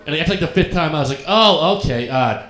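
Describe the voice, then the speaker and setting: A young man from Colorado doing a stand-up set on a comedy club stage. He tells his stories deadpan and acts out the other people in them. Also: a little high, quick pace. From Colorado, USA. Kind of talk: stand-up routine. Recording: echoey club room with a laughing crowd.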